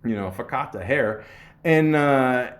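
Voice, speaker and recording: A man's voice: medium pitch, animated, a little slow. A man hosting a podcast, telling a story casually with laughs, swearing and many restarts. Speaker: podcast host.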